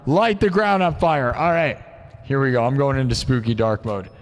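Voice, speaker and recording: A man's voice: mid-range voice, normal speed, in a large hall. A man hosting a live music stream, hyping up his viewers with chanted pep talk and jabs at his haters.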